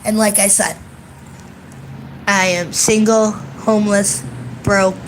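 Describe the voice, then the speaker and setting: A woman's voice: mid-range voice, fairly even intonation, slow, background noise. Profane, ranting woman outdoors on a phone. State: congested. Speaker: vlogger. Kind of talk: casual venting vlog. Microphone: phone camera.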